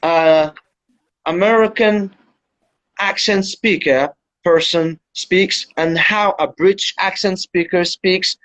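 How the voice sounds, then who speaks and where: A man's voice: sits high, slow, fairly bright tone. A man who teaches English explains things step by step as the guest of an Instagram Live chat. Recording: dull lo-fi livestream audio.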